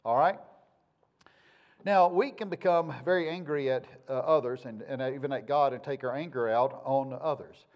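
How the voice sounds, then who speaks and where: A man's voice: mid-range voice, normal speed, dull audio. A male pastor, preaching in a folksy, conversational way with homespun sayings. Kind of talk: sermon.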